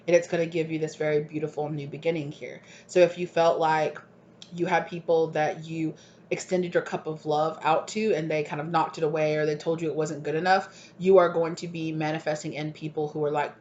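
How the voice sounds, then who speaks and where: A woman's voice: deep voice, flat delivery, a little fast, a little mellow. A woman giving a channeled collective tarot reading, rambling and gushing and often asking "right?". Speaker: tarot reader. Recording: dull lo-fi recording, faint hiss.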